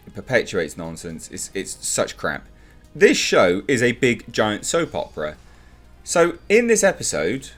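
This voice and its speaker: A man reviewing a TV show in a ranting vlog, sarcastic and exasperated, swearing and repeating himself for emphasis. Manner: exasperated, sarcastic, mocks characters in high put-on voices.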